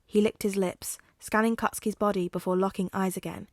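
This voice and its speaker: A woman narrating a fan fiction audiobook in a steady, measured storytelling voice. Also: medium pitch, no echo, clean studio sound. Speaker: podfic reader.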